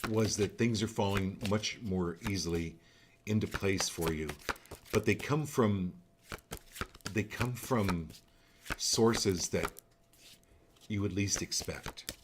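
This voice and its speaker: A man's voice: lowish voice, slow pace, long pauses, noisy background. A man hosting a live card-reading show, speaking directly and coaching each viewer, often repeating phrases for emphasis.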